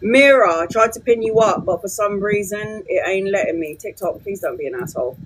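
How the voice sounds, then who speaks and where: A woman's voice: medium pitch, lively intonation, noisy background. A woman in her forties, a tarot reader talking casually and bluntly on a live stream from her phone, swearing freely. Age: 40s. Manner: blunt and sweary, quick to vent.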